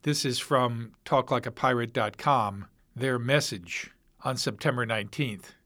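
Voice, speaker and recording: A man narrating a documentary in a plain, even way, reading sources aloud. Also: mid-range voice, a little slow.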